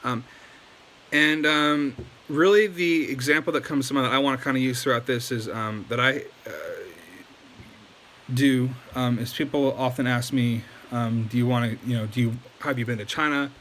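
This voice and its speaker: A man's voice: medium pitch, fairly even intonation, normal speed, a bit bright, a little hiss or hum. A man giving a casual video lesson, loose and chatty with many ums and likes. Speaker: language teacher.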